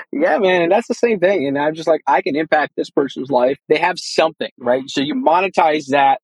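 Husky man telling his story casually. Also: fairly high pitch, normal speed, dry recording, rough recording. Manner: rambling, animated, acts out quoted dialogue. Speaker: guest, real estate investor.

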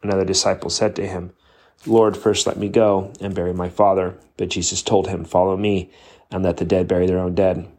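A man reading Bible passages aloud in a plain, steady way, now and then stumbling and restarting a word. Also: sits low, a little fast. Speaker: Bible reader.

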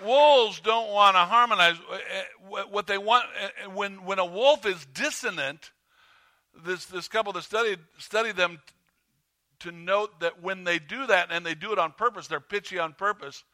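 A man preaching a sermon as pastor, conversational and halting with fillers and restarts, rising when he stirs up the congregation. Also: bright, forceful tone. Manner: rises in pitch and volume when stirring the congregation. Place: church sanctuary.

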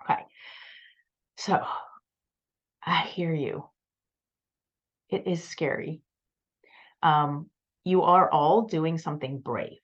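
A woman's voice: sits low, slow, pauses often, highs cut off. A woman coaching her students in a casual bootcamp talk, chatty and encouraging, with lots of "like" and "um". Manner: chatty, frequent fillers like "like" and "um", encouraging.

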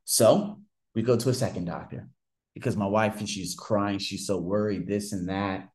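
A man's voice: fairly low pitch, steady tone, normal speed, a little mellow. A man telling a personal story in a casual monologue, ranting heatedly and swearing often. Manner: heated, profane ranting with frequent restarts.

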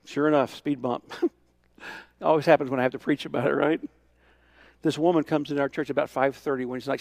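A middle-aged male pastor preaches a sermon, telling a story with quoted dialogue and shifting between hushed asides and emphatic calls. His voice is mid-range and creaky, with no echo.

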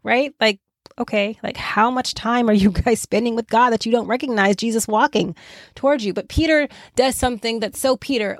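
A woman teaching a relaxed Bible study, talking conversationally with frequent "right?" asides and lively quoting. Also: on the high side, a little fast, no room sound. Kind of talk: casual Bible study talk.

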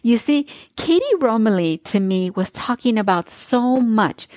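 A woman's voice: on the high side, lively intonation, unhurried, darkish tone, no echo. A woman host reading a book aloud and then commenting on it with gushing enthusiasm.

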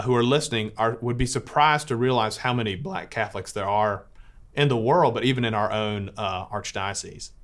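A man's voice: fairly low pitch, fairly bright tone. A Catholic priest telling a personal story to listeners in an earnest way, often restarting as he searches for words.

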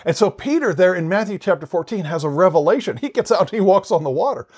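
A man's voice: sits high, lively intonation, fast, darkish tone, breathy edge. A man gives a conversational Bible teaching in a slightly raised voice. He is earnest and explanatory, often circling back and repeating words as he works through a point.

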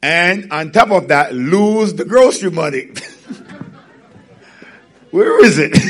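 Lively, animated male preacher. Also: high voice, takes it slowly. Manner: animated storytelling, laughing often. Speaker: pastor. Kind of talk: sermon.

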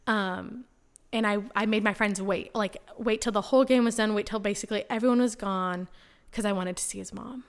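A woman's voice: medium pitch, fairly even intonation, a little fast, clean tone. Young woman guest on a podcast, chatty, says like a lot, acts out quotes, earnest about faith. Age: young adult. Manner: chatty, full of "like" and acted-out quotes. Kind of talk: casual personal storytelling.

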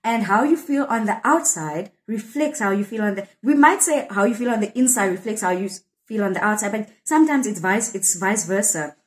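Speaking briskly and expressively with hardly any pauses, this poet has a medium-pitched voice on a rough recording. She's a woman in her thirties with a South African accent, discussing her poem earnestly and reflectively in a candid interview and frequently starting sentences over.

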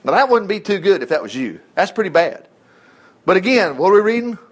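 A man's voice: high-pitched, big pitch swings, fairly quick. A man preaching a sermon in a folksy, exclamatory way.

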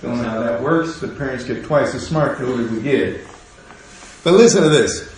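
A man's voice: medium pitch, normal speed, a little mellow. A man preaching a sermon in a humorous, conversational way, acting out quotes from the people in his story. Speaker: pastor. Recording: echoey room.

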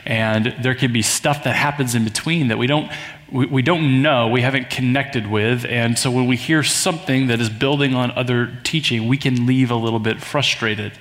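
A man's voice: medium pitch, fairly even intonation, normal speed, a bit bright. A man preaching a sermon to his congregation in a conversational way, often building to emphatic rises. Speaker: pastor. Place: church sanctuary. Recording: long hall reverb.

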